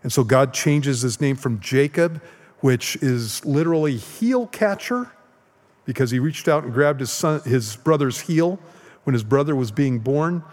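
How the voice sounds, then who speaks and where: A man's voice: medium pitch, expressive, unhurried, darkish tone. A male pastor teaching the Bible in a casual, conversational way, often checking in with "okay?" as he goes. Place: church sanctuary. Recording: long hall reverb.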